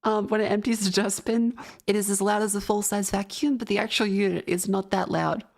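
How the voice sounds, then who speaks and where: A woman's voice: medium pitch, fairly even intonation, a little fast, creaky. A young woman streamer chatting casually, telling a rambling story full of laughs and swearing. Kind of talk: casual chat.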